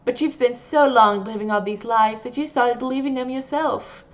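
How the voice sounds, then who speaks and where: A woman's voice: fairly high pitch, normal speed, voice pushed up, lightly acted. A woman doing a sugary, obsessive young nurse. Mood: possessive. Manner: sugary, coaxing, possessive. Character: sweetly menacing obsessive young female nurse.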